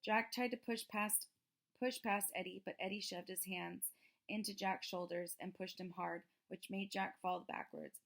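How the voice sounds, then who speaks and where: Woman reading a story aloud, gravelly voice. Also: mid-range voice, a little slow. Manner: steady storytelling. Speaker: reader.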